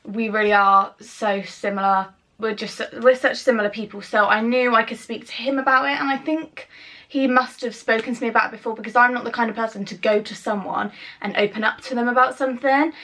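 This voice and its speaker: A young woman talks straight into her camera, with a bright, forward tone. She rambles and restarts, filling gaps with ums and likes, open and personal. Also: mid-range voice. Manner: chatty, rambling, fillers and self-interruptions. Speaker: YouTuber. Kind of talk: emotional personal vlog.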